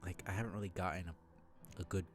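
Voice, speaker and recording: Low-voiced rambling game streamer. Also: male voice, fairly even intonation, brisk, faint music behind. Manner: rambling, self-deprecating, lots of fillers. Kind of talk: live game stream commentary.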